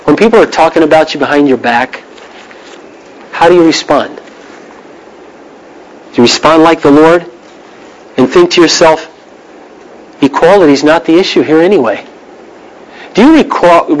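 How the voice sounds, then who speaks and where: Guy preaching a sermon, high voice, real earnest and emphatic. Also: poor audio. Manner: earnest, emphatic, with pointed questions to listeners.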